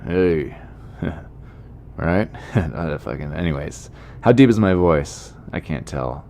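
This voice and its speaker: A man's voice: a bass voice, animated, measured pace, gravelly, a little mellow. A man, a comedian hosting his podcast, chatting casually in a rambling, self-deprecating way with asides to his listeners.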